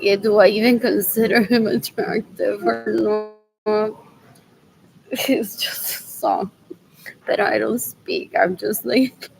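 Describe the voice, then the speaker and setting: A woman's voice: mid-range voice, gravelly, a little hiss or hum, poor audio. A middle-aged woman talking to herself in a rambling solo monologue, repeating phrases over and over and slipping Spanish phrases into her English. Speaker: vlogger.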